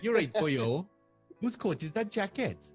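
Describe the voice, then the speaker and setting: A man's voice: high voice, big pitch swings, a little slow, faint music behind, pitched above the performer's own voice. A man putting on a teasing Welsh farmer with a sing-song, joking Welsh accent.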